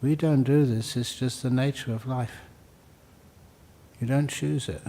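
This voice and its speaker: A man's voice: mid-range voice, fairly even intonation, a little slow, warm tone. An older man, a Buddhist monk, giving a conversational dharma talk and answering questions, with jokes and phrases repeated for emphasis. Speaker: Buddhist monk teaching meditation.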